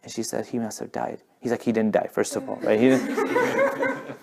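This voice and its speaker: A young man telling a religious story in a casual, animated way, with many fillers and restarts. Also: mid-range voice, normal speed, gravelly, a crowd in the background. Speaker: speaker at a community talk.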